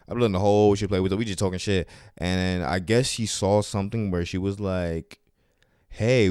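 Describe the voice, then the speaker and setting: On his own storytelling podcast, a stand-up comedian from New York City rambles through his week with plenty of slang and swearing. His voice is low, slightly mellow and clean, in an echo-free studio recording.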